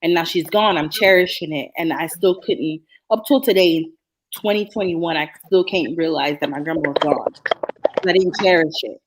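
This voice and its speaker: A woman's voice: on the low side, normal speed, rough recording. A woman co-hosting a casual podcast chat, telling a heartfelt personal story and speeding up when moved. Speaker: co-host.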